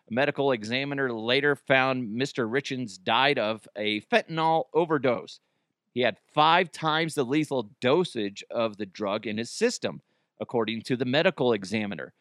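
A man's voice: medium pitch, a bit bright, no echo, studio quality. A man hosting a comedy podcast in casual chat, joking, swearing freely and laughing at his own bits. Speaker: podcast host.

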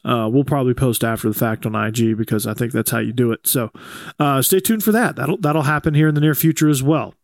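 A male podcast host with a gravelly, fry-edged voice and a mid-range pitch. He chats loosely and rambles, and the sound is close and dry with no room echo. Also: fast. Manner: laid-back, rambling, reads ads conversationally. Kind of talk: casual chat.

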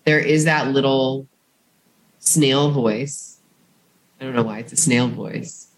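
Podcast co-host, mid-pitched voice, talks in rambling, restarting stretches. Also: takes it slowly, low-quality recording. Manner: chatty, rambling with many restarts. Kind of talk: casual chat.

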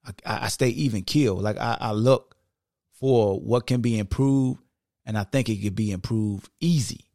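A man hosts a sports podcast in an unscripted, casual monologue, drawling emphatic points with plenty of "like" and "y'all." His voice has a gravelly edge. He's recorded up close in a dead, dry room. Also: fairly low pitch, moderate pace, dark tone, no room sound. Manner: conversational, emphatic, heavy use of "like" and "y'all".

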